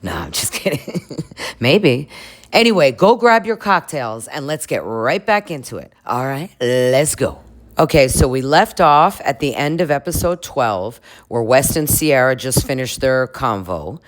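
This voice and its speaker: A woman's voice: rumbling low, big pitch swings, measured pace. A woman vlogger recapping a reality show in a casual, chatty way. She laughs often, swears casually and talks straight to her viewers.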